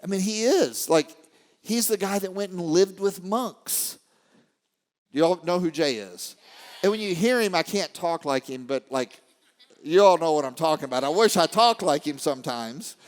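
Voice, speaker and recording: A man giving an animated motivational talk to a live audience, swinging from quiet storytelling to shouting. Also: high-pitched, normal speed. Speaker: motivational speaker. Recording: long hall reverb.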